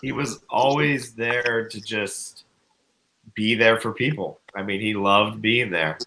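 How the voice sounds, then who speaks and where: A man hosting a live stream in casual chat, relaxed and inviting guests to share. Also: on the low side, slow pace, a little hiss or hum, rough recording. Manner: relaxed, invites others to speak. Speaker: stream host.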